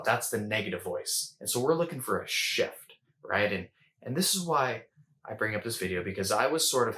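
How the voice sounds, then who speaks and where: Bright-voiced man coaching casually. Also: on the low side, normal speed. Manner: conversational, repeats words and rhetorical "right?". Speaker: host.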